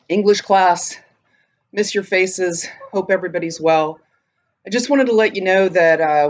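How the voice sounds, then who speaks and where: A man teaching high school English by home video, talking casually with fillers and a little out of breath. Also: no echo, dull audio. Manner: relaxed, halting with fillers. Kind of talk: casual class update and reading aloud.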